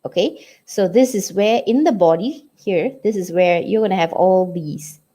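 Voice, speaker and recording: A woman's voice: mid-range voice, normal speed, warm tone. A woman English teacher with a Malaysian English accent, giving a lesson and checking in with students often. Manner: checks in often with "okay?" and "did you get it?". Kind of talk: classroom lesson.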